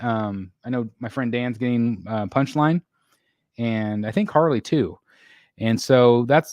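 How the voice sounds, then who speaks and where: A tired middle-aged man hosts a live stream, reading out viewer comments as he rambles. He clears his throat now and then and leans on fillers. His voice sits at an ordinary pitch and sounds dry and close. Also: a little mellow, dry recording.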